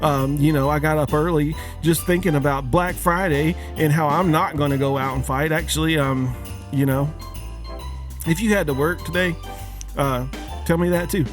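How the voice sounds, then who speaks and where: A man's voice: on the high side, fairly even intonation, moderate pace, music in the background. A man hosting a podcast, a father of young kids, delivering a joking, casual holiday rant and firing many questions at his listeners. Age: adult, father of young kids. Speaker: podcast host.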